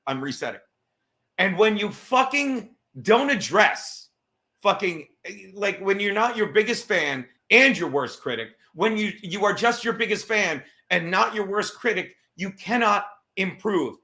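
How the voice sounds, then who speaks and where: High, bright-voiced man ranting fast. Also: lively intonation. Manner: fast, rambling, swears a lot, restarts mid-thought. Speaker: comedian podcast host. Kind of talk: profane rambling monologue.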